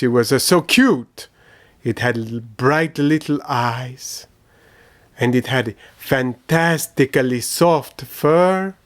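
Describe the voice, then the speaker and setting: A man voicing a goofy middle-aged Italian uncle, telling rambling comic stories in broken English with an Italian accent and theatrical pauses. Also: mid-range voice. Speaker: puppet show storyteller character. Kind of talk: children's comedy sketch acting.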